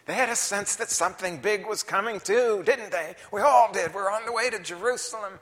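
A man preaching a sermon in a church, dramatic, dropping to whispers and rising to loud emphasis. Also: high voice, big pitch swings, normal speed. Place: church sanctuary. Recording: long reverb of a large hall.

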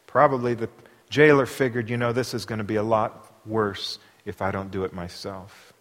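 A man preaching a sermon, asking his listeners rhetorical questions and moving between quiet asides and loud, emphatic passages. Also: lowish voice, steady tone, moderate pace. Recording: long hall reverb.

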